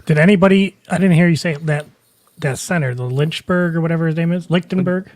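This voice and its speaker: A man's voice: a little high, a little fast, a little mellow, no echo. A man on a casual sports podcast who jokes around, chuckles and shares offbeat trivia.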